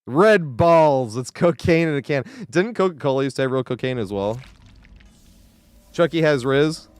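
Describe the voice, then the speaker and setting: A man's voice: mid-range voice, animated, normal speed, clear, resonant tone, no echo, clean studio sound. A man streaming a game live, chatting casually with viewers, swearing freely and laughing often as he reacts to play.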